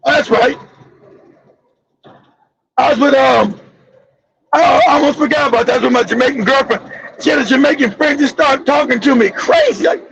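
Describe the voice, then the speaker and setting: A man's voice: very high voice, moderate pace, gravelly, pauses often, a bit bright, lo-fi sound, slight background noise. A man from Los Angeles hosting a live-stream monologue, telling stories in a blunt, profane way. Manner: profane, blunt storytelling with laughs. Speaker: channel host.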